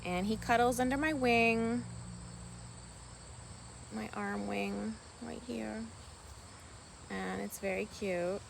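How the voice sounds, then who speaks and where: A woman vlogging casually outdoors on a farm, talking softly and rambling fondly about her pet ducks. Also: mid-range voice, steady tone, slow, creaky, pauses often, a little hiss or hum. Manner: soft-spoken, meandering, affectionate toward her pets. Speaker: vlogger and duck keeper. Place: outdoors on a rural farm by water.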